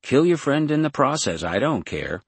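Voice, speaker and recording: A man's voice: mid-range voice, big pitch swings, moderate pace, husky, no echo, pitched above the performer's own voice. A man voicing a vengeful possessor who gloats and mocks with triumphant spite. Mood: gloating. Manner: mocking, triumphant. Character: Jason, a vengeful, gleeful man possessing another's body.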